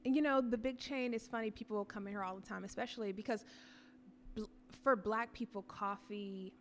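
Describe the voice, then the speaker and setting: A woman's voice: mid-range voice, brisk. A middle-aged woman who owns a coffee shop, talking casually and enthusiastically in an interview. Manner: enthusiastic, expressive. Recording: faint background noise.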